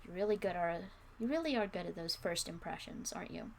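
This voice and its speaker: A woman's voice: fairly low pitch, lively intonation, a little fast, darkish tone, a little hiss or hum. Defiant teenage girl, read by a woman.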